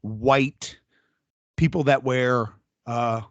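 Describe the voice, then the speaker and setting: A man's voice: medium pitch, fairly even intonation, extremely slow, no echo, highs cut off. Blunt, profane man co-hosting a podcast. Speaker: podcast co-host. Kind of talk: casual podcast chat.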